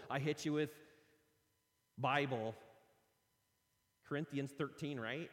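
A man's voice: on the high side, moderate pace, pauses often, in a large hall. A man preaching a sermon in a conversational way, reading scripture aloud and breaking off into casual asides. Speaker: pastor.

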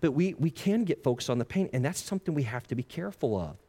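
A man's voice: on the high side, animated, fast, warm tone. A man preaching a sermon in earnest, at times acting out the complaints of his listeners. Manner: earnest, acts out the listener's complaints in quoted asides. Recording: long reverb of a large hall.

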